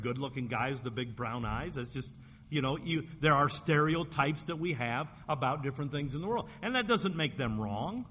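Man, pastor, folksy sermon, slightly high voice, long hall reverb, faint room noise. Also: a bit bright. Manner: folksy preaching, slows and drops for scripture quotes. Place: church sanctuary.

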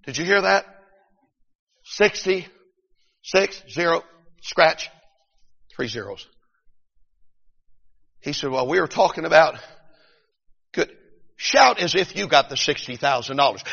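A middle-aged man preaching a revival sermon, swinging between shouted peaks and hushed storytelling. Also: on the high side, animated, takes it slowly, gravelly, pauses often, husky. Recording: dull recording in a long-reverb hall.

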